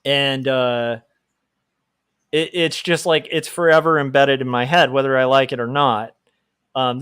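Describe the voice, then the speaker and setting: A man's voice: medium pitch, a bit bright, clean tone, dry recording, studio quality. A man chatting casually on a livestream while drawing, rambling and laughing often. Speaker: livestream host, comic artist.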